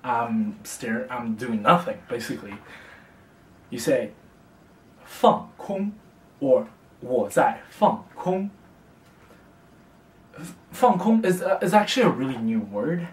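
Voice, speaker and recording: A young man talks slowly and patiently through a casual beginner lesson, repeating each phrase. He sits a little back from the mic in a room with a lot of echo. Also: mid-range voice, sing-song, recorded from a distance. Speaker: language tutor.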